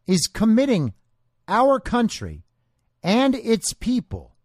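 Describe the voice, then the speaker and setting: A man's voice: high voice, dry recording, clean studio sound. A man hosting a political commentary show, talking in a combative, sarcastic, lecturing way. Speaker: podcast host.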